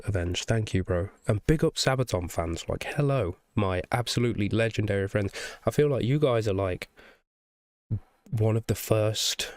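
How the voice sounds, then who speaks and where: A young man who makes music reaction videos on YouTube talks in a lowish, slightly mellow voice with no echo, sounding nasal and blocked up from the flu. His reaction is casual, rambling and enthusiastic, full of swearing and "you know what I mean?".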